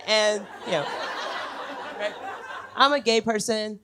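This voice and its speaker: A man's voice: high-pitched, expressive, a little slow. Young man, stand-up comic, casual swearing storyteller with a chuckle, noisy club recording. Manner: conversational, chuckles between lines, swears freely. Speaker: stand-up comedian. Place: comedy club on stage. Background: audience laughter.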